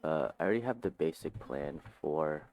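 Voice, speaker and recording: A man with a very low voice talks casually at home right after waking up. He rambles and jumps between ideas, swearing now and then. Soft guitar music plays faintly behind him. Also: animated, normal speed. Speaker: aspiring author. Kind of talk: casual morning vlog, thinking aloud. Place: home, just woken up.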